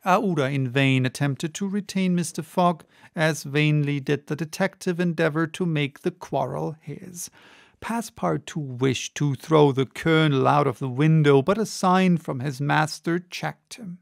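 A male audiobook narrator with a gravelly, slightly high voice. He reads in a steady, measured way. The sound is close and dry with no room echo. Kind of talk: scripted narration.

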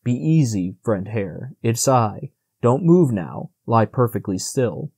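A grave old stag of the forest, as a male narrator reads him, giving quiet, measured orders in a mellow, warm voice. The storybook reading sounds dry and close, with no room around it. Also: mid-range voice, animated, dry recording, close to an everyday voice. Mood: commanding.

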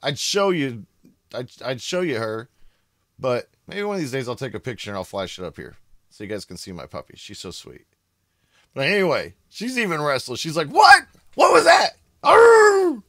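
An excitable American man hosting casual reaction commentary at home, bursting into shouts of amazement. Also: medium pitch, a little fast, no echo, clean studio sound. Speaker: reaction video host. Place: home room.

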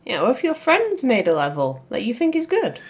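Excitable woman playing a game, lively. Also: on the high side, brisk. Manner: excitable, giggly, teasing. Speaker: co-host of a gaming channel. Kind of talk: casual let's-play banter.

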